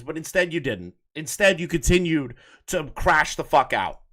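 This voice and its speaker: A man's voice: fairly high pitch, big pitch swings, normal speed, sharp tone. A man doing casual live commentary on clips, talking in a heated, profane and mocking way. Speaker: commentary streamer.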